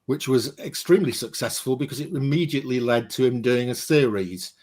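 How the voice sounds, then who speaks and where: A man's voice: mid-range voice, fairly quick, darkish tone. A man co-hosting a casual talk show, presenting comics with a hesitant, um-filled delivery. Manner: hesitant, many ums, reads from a database. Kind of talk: casual chat.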